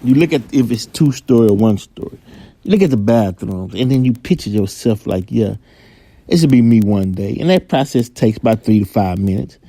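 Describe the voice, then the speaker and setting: A man's voice: mid-range voice, expressive, fairly quick, dark tone, no room sound. A man hosting a podcast, talking, delivering a heated, profane commentary and acting out quoted exchanges. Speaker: podcast host. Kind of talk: angry commentary monologue.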